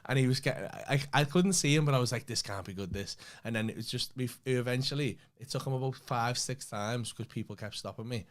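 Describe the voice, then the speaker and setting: A man with a Liverpool accent, a comedian co-hosting a podcast, telling a story in an animated way, swearing freely and acting out what other people said. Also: mid-range voice, fairly quick, few pauses. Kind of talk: casual anecdote telling.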